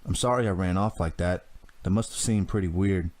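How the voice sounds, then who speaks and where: A man's voice: sits low, brisk, a little mellow, natural voice. A man reading a kittenish teenage girl. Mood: teasing. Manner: playful and teasing.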